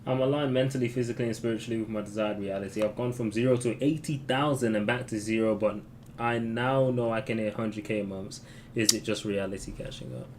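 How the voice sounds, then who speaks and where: Joking, low-voiced male co-host. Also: fairly quick, slight background noise. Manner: joking, relaxed. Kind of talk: casual banter.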